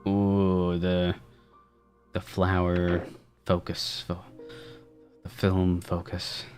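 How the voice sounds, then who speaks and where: A man's voice: low voice, monotone, drawn-out words, darkish tone. Give me a meme-joking man commenting on a game stream, with faint music behind. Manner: jokey and meme-heavy. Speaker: streamer reviewing game demos. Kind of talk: live gameplay commentary.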